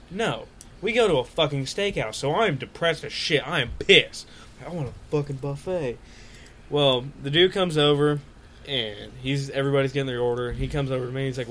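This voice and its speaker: A man's voice: medium pitch, brisk, a little hiss or hum. A young man chatting casually with friends, telling stories with lots of swearing and acted-out quotes. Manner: animated storyteller, swears a lot, acts out quotes.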